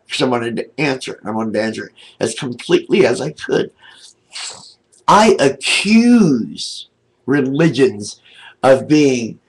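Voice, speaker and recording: An older man ranting angrily to his camera from home, indignant and aggrieved, with a husky voice. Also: medium pitch, poor audio. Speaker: video blogger. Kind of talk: angry webcam rant. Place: home, seated in a wheelchair.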